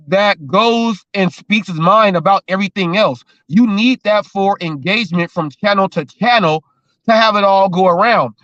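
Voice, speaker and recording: A man's voice: high voice, fairly bright tone, dry recording, dull audio. A man hosting a casual talk show, rambling and riffing with jokes and repeated phrases. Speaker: show host.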